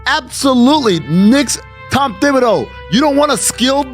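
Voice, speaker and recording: Brief: male sports co-host, high lively gravelly voice, sarcastic rants, faint music bed. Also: moderate pace. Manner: animated, ranting, sarcastic. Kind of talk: casual sports chat.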